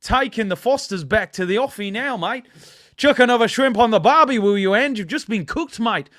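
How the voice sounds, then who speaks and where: A man's voice: sits high, lively intonation, normal speed, fairly bright tone, pitched above the performer's own voice. A man doing a jokey, exaggerated put-on Australian accent as a mock Aussie bloke. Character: mock Australian bloke reading a fan comment.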